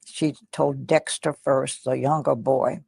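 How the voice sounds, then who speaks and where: An elderly woman with a deeply gravelly, husky voice tells her memories slowly and reflectively, often sinking almost to a whisper. The sound is close and dry, with no room echo. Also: steady tone, darkish tone. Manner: slow, reflective storytelling, often dropping to a near whisper. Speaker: guest. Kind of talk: recounting personal memories in an interview.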